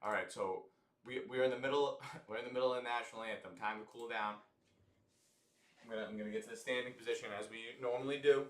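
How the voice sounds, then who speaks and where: An American man hosts a live football watch-along, rambling and swearing in an excitable flow. His voice sits mid-range. The room around him is echoey. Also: mid-range voice, fast. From United States. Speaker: host of an alternate sports broadcast.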